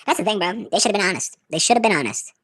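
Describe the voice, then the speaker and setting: A man in his twenties telling crude, absurd stories in a deadpan way on a comedy podcast. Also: high-pitched, rapid-fire, no echo.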